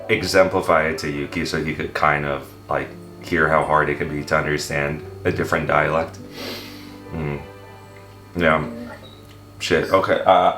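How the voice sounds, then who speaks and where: Low-voiced man chatting casually. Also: roomy sound. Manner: relaxed, hesitant, many fillers and restarts. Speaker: vlog host and language learner. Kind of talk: casual chat in an app voice room.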